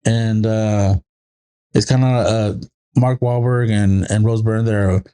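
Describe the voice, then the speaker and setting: A man's voice: lowish voice, steady tone, takes it slowly, dark tone, clean tone. A man co-hosting a casual podcast, rambling through family anecdotes and acting out his little daughter's lines. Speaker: podcast co-host. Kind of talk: casual chat.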